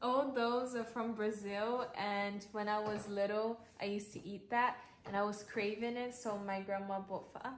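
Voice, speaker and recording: A woman's voice: medium pitch, steady tone, normal speed, hardly any pauses, slight background noise. A woman in a casual family vlog, talking in an apologetic, giggly way. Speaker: vlogger.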